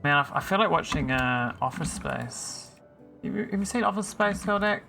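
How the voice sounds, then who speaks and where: A man's voice: on the high side, animated, normal speed, creaky, sharp tone, soft background music. A man streaming a game, chatting casually and teasing his viewers while he thinks aloud. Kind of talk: casual live-stream chat while playing.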